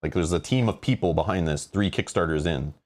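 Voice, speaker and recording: A man with a fairly low voice plays through a board game, reading rules and story text aloud. He rambles and grows exasperated over how the rules are laid out. His talk is casual and unscripted. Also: brisk. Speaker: host playing a board game.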